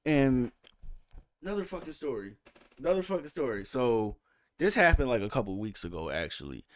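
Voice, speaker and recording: A man who is a musician and podcast guest, telling animated, profane stories in casual chat and acting out other people's lines loudly. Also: mid-range voice, normal speed. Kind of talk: casual storytelling.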